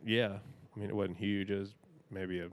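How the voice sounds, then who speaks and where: A man's voice: fairly low pitch, flat delivery, normal speed. A man in his thirties, a podcast guest telling a rambling, folksy story and laughing often. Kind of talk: casual storytelling.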